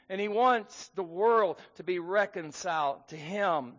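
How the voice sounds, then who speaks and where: A man's voice: sits high, measured pace, few pauses, fairly bright tone. A man preaching a sermon in an earnest manner, reading scripture aloud with rising emphasis. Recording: muffled sound in a hall with long reverb.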